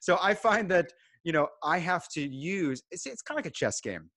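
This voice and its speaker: Brief: man, fairly high pitch, dry close sound, measured and calm podcast guest. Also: no room sound. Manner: calm, measured advice-giving. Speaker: guest home inspector. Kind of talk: casual podcast chat.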